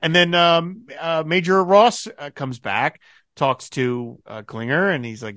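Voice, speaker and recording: A man hosts a podcast in a loose, chatty way, often breaking into laughter as he reads out lines. His voice sits a little high, and the recording is dry and close. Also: unhurried, a bit bright, no echo. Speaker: podcast host. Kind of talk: casual podcast chat.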